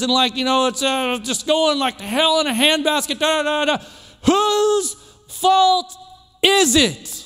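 A man preaching a sermon in a church, emphatic and repetitive, building phrases up toward shouts. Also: very high-pitched, measured pace, long reverb tail. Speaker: pastor. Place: church sanctuary.

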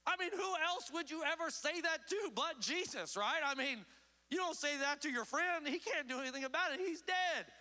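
A man preaching a sermon as pastor, emphatic, swinging between loud urgent calls and low hushed asides. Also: moderate pace. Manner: emphatic preaching with sweeping pitch swings and acted quotes. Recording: long hall reverb.

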